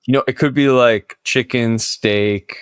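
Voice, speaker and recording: A man's voice: medium pitch, fairly even intonation, a little slow, smooth, dry recording, studio quality. A young man co-hosting a casual podcast, joking with mock-expert bravado. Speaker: podcast co-host. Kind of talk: casual debate chat.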